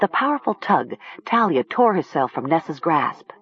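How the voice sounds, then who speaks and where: An audiobook narrator reading a horror story with slow, expressive storytelling. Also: medium pitch, dull audio.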